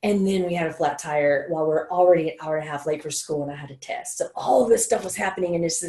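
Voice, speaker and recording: A woman's voice: low-pitched, quick pace, darkish tone, roomy sound. A woman co-hosting a casual chat, telling an emotional personal story and quoting others. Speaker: co-host.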